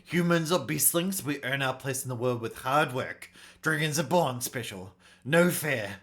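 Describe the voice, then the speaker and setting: A man voicing an angry, rude male wolf bandit in a game, talking brashly and loudly. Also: medium pitch, animated, a little slow, pitched above the performer's own voice. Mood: gruff boasting. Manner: brash, shouting, swearing.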